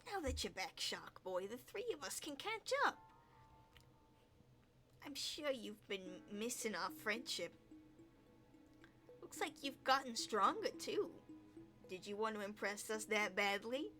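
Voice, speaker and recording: A woman's voice: medium pitch, big pitch swings, measured pace, pauses often, pushed and bright, faint music behind. Woman doing a mocking sea tormentor. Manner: mocking, sing-song. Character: teasing mischievous sea tormentor.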